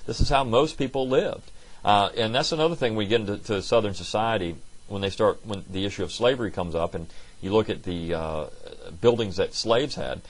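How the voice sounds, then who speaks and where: A man's voice: fairly low pitch, brisk. A man giving a recorded college history lecture in a conversational way, with frequent fillers and restarts. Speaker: history instructor.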